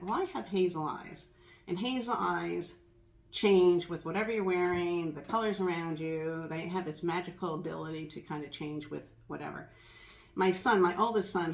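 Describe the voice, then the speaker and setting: In an echoey room, a middle-aged woman with a lowish voice and vocal fry shares a personal story. Her monologue is earnest and reflective, and she repeats aloud the kind words she tells herself.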